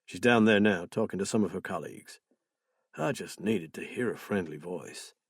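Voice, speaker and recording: A man voicing a distraught male guardian of a missing girl, pleading and blaming himself, with a husky voice. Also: sits low, lively intonation, normal speed, no room sound, studio quality, pitched below the performer's own voice, full character voice. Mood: weary. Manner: anguished, self-blaming, pleading.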